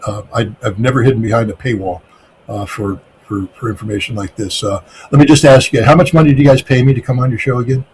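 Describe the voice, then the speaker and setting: A man's voice: medium pitch, fast talker, darkish tone, slightly rough. A man from the United States answering interview questions, speaking emphatically with repeated words and frequent restarts. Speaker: guest.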